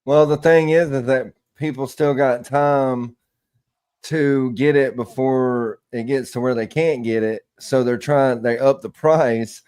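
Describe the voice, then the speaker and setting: A man's voice: mid-range voice, steady tone, unhurried, darkish tone, clean tone. Easygoing man hosting a casual podcast. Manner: easygoing, swears freely. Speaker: podcast host. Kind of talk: casual chat.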